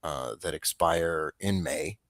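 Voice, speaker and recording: A man hosting a casual stock market show, rambling and restarting as he talks through trades, with a dry, flat tone. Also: very deep voice, takes it slowly, dry recording. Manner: rambling, self-interrupting, offhand.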